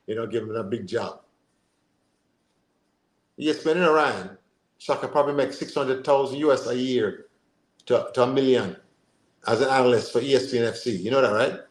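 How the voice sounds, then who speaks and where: A man, co-hosting a casual football podcast in an animated, rambling way. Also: medium pitch, fairly quick. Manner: animated, rambling, full of fillers and asides. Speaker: podcast co-host. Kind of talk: casual chat. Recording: roomy echo.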